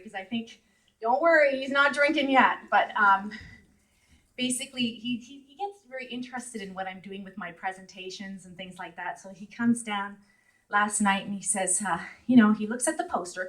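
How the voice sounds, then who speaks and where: A middle-aged woman addresses a live crowd in a chatty, laughing way, and her voice lifts as she gets animated. She is mid-range in pitch and heard from a distance in an event hall. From Canada. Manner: chatty, laughs often, voice rises when animated. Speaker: guest speaker. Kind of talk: speaking to a live audience.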